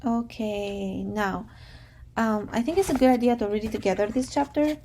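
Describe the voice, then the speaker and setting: A woman teacher who calmly and patiently guides her class, summarizing a chapter and reading a novel aloud. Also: a little high, moderate pace, slight background noise. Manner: calm, patient, guiding students.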